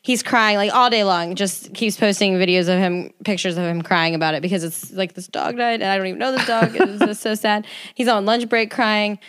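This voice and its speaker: A woman who works as a teacher, retelling a story on a podcast in a lively way with laughter. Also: medium pitch, brisk, clear, resonant tone. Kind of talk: casual chat.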